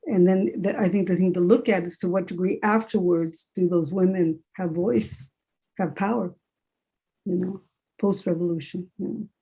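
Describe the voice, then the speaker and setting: A middle-aged woman, an English professor, talking candidly over a video call in a halting, reflective way and slipping Spanish phrases into her speech. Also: fairly low pitch, fairly even intonation, gravelly, dark tone, husky, low-quality recording. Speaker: English professor and author, panel guest. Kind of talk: casual reflective discussion.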